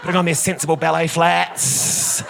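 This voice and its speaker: A man performing stand-up comedy on a theatre stage, telling self-mocking stories in a camp, animated way. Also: fairly high pitch, normal speed, creaky, background noise. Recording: loud audience laughter in a theatre.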